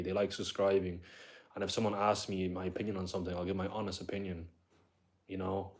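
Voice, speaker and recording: Young dublin lad rambling on his live stream, lowish voice, chatting away to viewers. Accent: Dublin Irish. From Ireland. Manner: rambling, talkative, reads viewer comments aloud. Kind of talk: casual live-stream chat.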